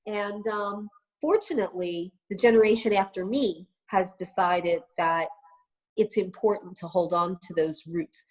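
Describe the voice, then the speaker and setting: A woman's voice: mid-range voice, unhurried, low-quality recording. A woman in her fifties chats casually with a mid-range voice. She tells anecdotes at an easy pace and often restarts her phrases. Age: 50s. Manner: animated anecdote-telling with frequent restarts. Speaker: co-host, lawyer and columnist. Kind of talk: casual conversational storytelling.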